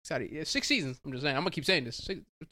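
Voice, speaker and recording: A young man hosting a podcast, talking fast in casual, profane, laughing banter about anime. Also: fairly high pitch, lively intonation, sharp tone. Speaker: podcast host. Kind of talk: casual chat.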